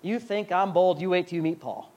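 A man with a high voice preaching a sermon as pastor, emphatic and repeating his points. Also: a little fast, darkish tone, a little hiss or hum.

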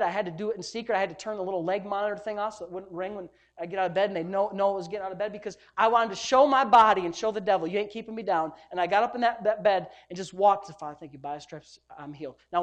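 Animated man preaching a sermon. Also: high-pitched. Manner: animated storytelling, swings between loud bursts and hushed asides. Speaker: pastor.

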